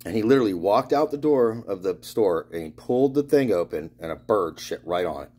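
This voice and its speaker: A man from Florida talks in a loose, meandering monologue, drifting between restarts and trailing thoughts. His voice sits low with a mellow, soft-edged tone. He swears freely and laughs through his own stories. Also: lively intonation, brisk, husky. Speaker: spiritual vlogger. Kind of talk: rambling monologue.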